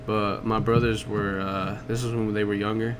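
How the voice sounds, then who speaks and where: A man's voice: on the low side, level tone, moderate pace. Rambling young man, noisy recording. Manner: rambling, filler-heavy storytelling with swearing. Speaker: podcast co-host. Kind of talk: casual chat. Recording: noticeable background noise.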